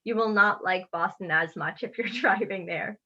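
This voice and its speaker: A woman's voice: mid-range voice, normal speed, pushed and bright, dull audio. A woman from Massachusetts, a money educator, speaking as a podcast guest in an upbeat, articulate way and laughing easily. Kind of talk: remote podcast interview.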